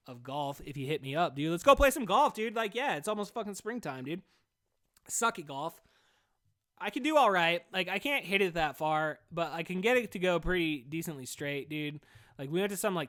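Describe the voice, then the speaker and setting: A man hosting a solo podcast, talking in a loose, rambling monologue. He swears constantly and keeps calling the listener "dude." His voice sits a little high for a man. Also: bright, forceful tone. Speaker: podcast host.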